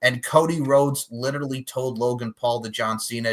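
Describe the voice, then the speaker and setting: A man hosting a casual wrestling podcast, excitable and jokey, laughing often and breaking into shouts. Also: mid-range voice, normal speed, hardly any pauses. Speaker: podcast host.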